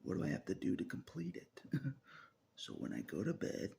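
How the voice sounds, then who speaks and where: A man vlogging alone to his camera in a rambling monologue, swinging between loud outbursts and low muttering, breaking into laughs. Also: wildly swooping pitch, normal speed, gravelly, slight background noise. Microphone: camera mic.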